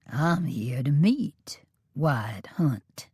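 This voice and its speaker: A woman voicing a wary, terse drifter man with a gravelly, twangy Southern accent, spoken low and hushed. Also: extremely slow, no room sound, clean studio sound, exaggerated voice. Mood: gruff wary.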